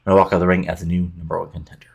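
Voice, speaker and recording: Man voicing a confident woman contender, boastful, low, rapid. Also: level tone, vocal fry, husky, exaggerated voice.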